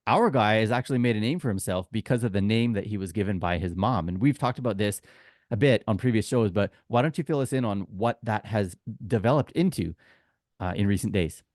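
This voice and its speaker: A man's voice: on the low side, fairly quick, darkish tone, dry recording, clean studio sound. A man with a Canadian accent co-hosting a podcast, chatty and joking, with firm opinions. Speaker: podcast co-host. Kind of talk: casual podcast chat.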